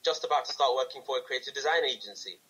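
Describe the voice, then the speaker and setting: A man's voice: mid-range voice, breathy edge, low-quality recording. A man in his twenties from London with a London English accent, talking as a guest in a casual interview and telling stories with animation. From England. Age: 20s. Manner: animated storytelling, quick to laugh.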